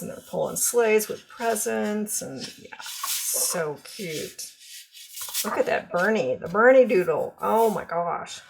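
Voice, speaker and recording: A woman's voice: mid-range voice, gravelly, slight background noise. A woman demonstrating craft products in a casual, chatty show-and-tell, full of ums and gushing over cute designs.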